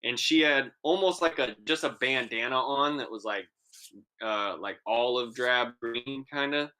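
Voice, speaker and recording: Bright-voiced young man telling a wild story. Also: mid-range voice, unhurried, smooth. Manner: animated, profane, acts out quoted voices. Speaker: podcast co-host. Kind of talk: casual storytelling chat.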